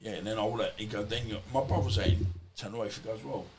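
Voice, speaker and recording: A man with a fairly low, darkish voice talks rapid-fire with few pauses, keeping his tone steady. As a podcast guest in a casual storytelling interview, he rambles through personal stories, swears freely and acts out what people said to him. The recording is low quality, with a little hiss or hum.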